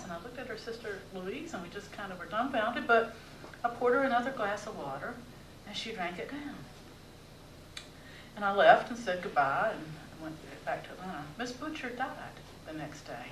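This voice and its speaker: A woman telling personal stories on a theater stage, wry and expressive with dramatic pauses. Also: medium pitch, a little hiss or hum. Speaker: storyteller. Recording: echoey theater from a distance.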